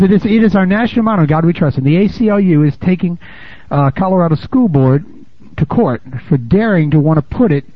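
An American pastor preaches a lively, conversational sermon in a high-sitting voice, laughing and calling out "amen?" to the congregation. The recording is dull and lo-fi, with no echo.

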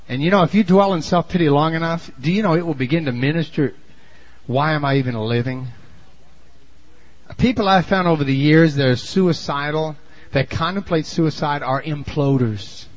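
A fairly high-voiced man preaches a sermon, telling the story in a folksy way. He dips into quiet asides and then climbs to shouted emphasis. The recording sounds dull and lo-fi. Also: normal speed.

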